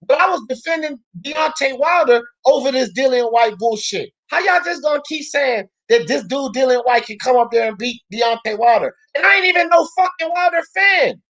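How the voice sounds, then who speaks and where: A woman talk-show host tears into a boxing rant, swearing freely and raising her voice to a shout again and again. Her pitch sits a little high for a woman. She speaks with heated, relentless conviction. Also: lively intonation, normal speed, hardly any pauses. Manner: loud, profane, ranting, often shouting.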